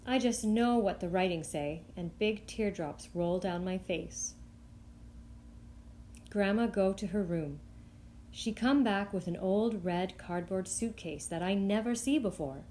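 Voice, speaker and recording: Expressive woman reading a picture book. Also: a little slow, a little hiss or hum. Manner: expressive, lifting high for the child's voice. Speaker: storytime reader.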